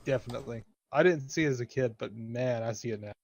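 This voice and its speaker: A man's voice: mid-range voice, fast, gravelly, no echo. A man on a podcast giving blunt, analytical opinions in casual chat. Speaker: podcast co-host.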